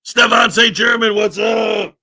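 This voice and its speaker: Upbeat shouty male stream host. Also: sits high, fairly even intonation, unhurried, heavy background noise. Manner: upbeat, shouty, reads out chat names. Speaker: livestream host. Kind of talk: casual live-stream chat.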